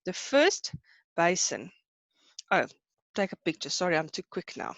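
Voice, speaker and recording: A woman's voice: lowish voice, big pitch swings, unhurried, no room sound. A woman teaching an online class who explains terms in two languages and keeps checking that her students are following. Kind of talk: online lesson.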